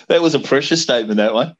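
A man's voice: medium pitch, no room sound, dull audio. A man co-hosting a podcast in casual chat, chiming in with short agreeable remarks. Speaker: podcast co-host.

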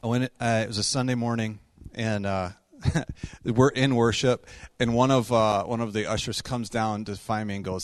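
A man's voice: on the low side, no echo. Man preaching in a storytelling voice. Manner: conversational, animated storytelling with quick asides and laughs. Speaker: pastor. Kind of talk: sermon storytelling.

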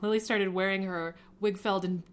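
A woman's voice: medium pitch, fairly even intonation, moderate pace, close to an everyday voice. A woman reading as a witty, teasing mom. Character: witty, warm middle-aged mother and wife.

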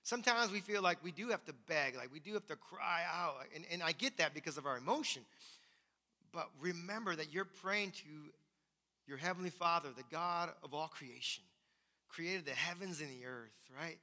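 Pastor, man, high bright voice, emphatic sermon delivery, long hall reverb. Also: normal speed. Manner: emphatic, repeats key phrases.

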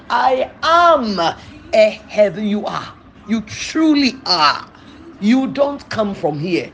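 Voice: mid-range voice, a bit bright. A preacher teaching an episode of a sermon series, emphatic, asking the listeners questions and answering them.

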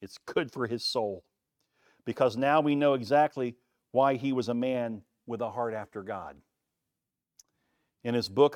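A man delivers a sermon in a mid-range voice, building force as he reads passages aloud and leaning into slow, weighty pauses. The sound is dry and close, with no room around it. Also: mid-range voice, a little mellow, no room sound. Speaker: pastor. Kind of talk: sermon with Bible reading.

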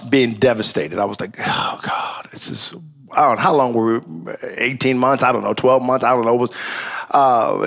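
A man, a pastor, telling a personal story in a relaxed sermon, with casual asides and frequent "praise God.". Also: mid-range voice. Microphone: live stream.

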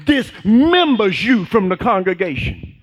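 A male pastor preaching a sermon, calling and responding with the congregation and rising to shouts. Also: sits high, very animated, unhurried.

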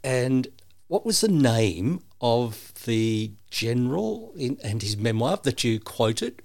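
Gravelly man in casual banter. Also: mid-range voice, sing-song, slow pace, a little mellow. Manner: playful, musing, teasing skeptic. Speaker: podcast co-host. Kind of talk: casual chat.

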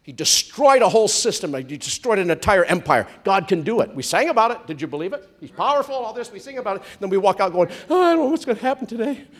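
Animated man preaching a sermon. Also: high-pitched, fast, few pauses. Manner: animated, swinging from loud comic outbursts to soft hushed storytelling. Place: church hall with congregation.

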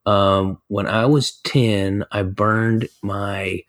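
A man's voice: lowish voice, fairly even intonation, extremely slow, a bit bright. A man co-hosting a podcast in casual chat, rambling through stories and laughing at himself. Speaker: podcast co-host.

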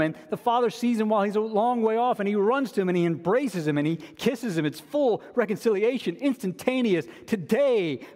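A man's voice: sits high, darkish tone, big-room sound. A man preaching a sermon as a pastor, earnest and repeating key phrases for emphasis.

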